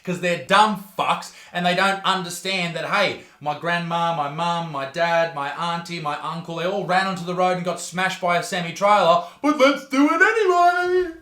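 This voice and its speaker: A man's voice: a little high, fairly even intonation, normal speed, few pauses, bright, forceful tone, echoey room. A young Australian man hosting comedy reaction commentary, brash, crude and mocking.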